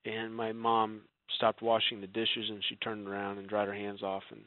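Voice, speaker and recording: A man guest telling an emotional personal story in an earnest way, his voice dropping soft when he quotes others. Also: fairly low pitch, completely flat delivery, moderate pace, no echo. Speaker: guest author. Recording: dry, phone-like narrow sound.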